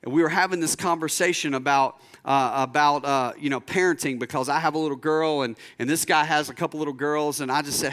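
In his sermon, a young male pastor acts out the voices in the story he's telling and drops into a low, unhurried register when he wants something to land. The intonation is fairly even, with a slightly bright quality.

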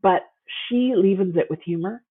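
A guest author chats over the phone, her voice mid-range and her speed normal, with slight background noise on the tinny line. She is casual and enthusiastic, gushing and using many fillers.

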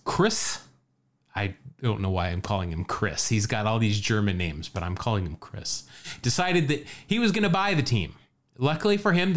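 A man co-hosting a podcast, telling baseball history in casual chat with frequent laughs and asides. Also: medium pitch. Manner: laughs often, storytelling with asides. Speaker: podcast co-host.

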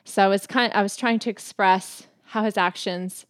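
A woman's voice: mid-range voice, steady tone, normal speed, no room sound, studio quality. A woman co-hosting a casual faith-based talk about marriage with her husband, speaking earnestly and reflectively and laughing often. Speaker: podcast co-host, wife.

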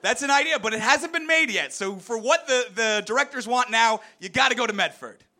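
A man rambles wryly through an improvised comedy answer, often stopping to restart his sentences. His voice is high and bright. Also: animated, fairly quick. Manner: rambling, self-interrupting, wry. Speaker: comedy contestant.

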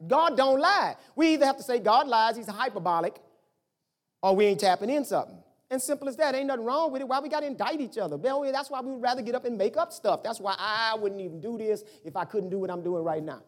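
A middle-aged pastor preaching a sermon in a conversational, animated way, firing off rhetorical questions at the congregation. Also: mid-range voice, fast talker.

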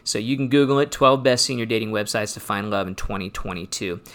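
A man's voice: on the low side, a little fast, fairly bright tone. A man hosting a finance show as an advisor, talking casually and with energy, acting out clients' questions and answering them with emphatic punch. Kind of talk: casual radio-style finance talk.

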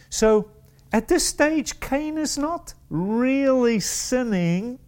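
A man preaching a sermon, with repeated words and restarted phrases, and sudden rises in pitch. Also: animated, drawn-out words, a little mellow.

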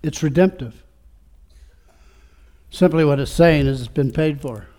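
A man with a high voice preaching a sermon. He asks his listeners rhetorical question after rhetorical question, dropping into quiet, reflective stretches and then building back up to fervent declarations. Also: unhurried. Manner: swings between quiet reflection and rising fervor. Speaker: pastor.

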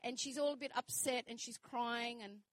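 A woman minister preaching with fervour, repeating her phrases as she builds to bold declarations. Her voice sits fairly high, and the recording is close and dry, with no room sound. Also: moderate pace, no echo, poor audio. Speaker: minister and fitness trainer. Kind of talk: sermon.

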